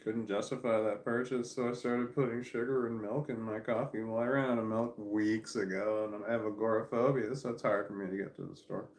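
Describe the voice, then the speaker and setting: Speaking a little fast with few pauses, this man has a fairly low, steady, slightly mellow voice. He's vlogging at home in a room, a puppy in his lap, giving a candid, rambling monologue to camera that wanders between thoughts with self-deprecating humor. The sound carries a roomy echo.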